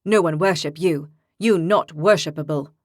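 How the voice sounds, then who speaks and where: A woman narrator voicing a male companion who speaks slowly in broken, halting grammar. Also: deep voice, no echo, studio quality, pitched below the performer's own voice, lightly acted. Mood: dismissive.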